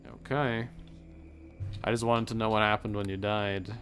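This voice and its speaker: A man's voice: fairly low pitch, level tone, normal speed, fairly bright tone, soft background music. A man casually commenting on a fantasy role-playing game as he plays, with wry, sarcastic jokes. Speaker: let's play host.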